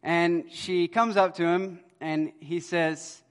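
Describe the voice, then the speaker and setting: A man preaching an expository sermon with a slightly raised voice. He swings from emphatic, loud lines to hushed ones as he tells his stories. The sound carries a long church-hall reverb. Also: level tone, slow. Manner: storytelling, swings between loud emphasis and quiet low lines.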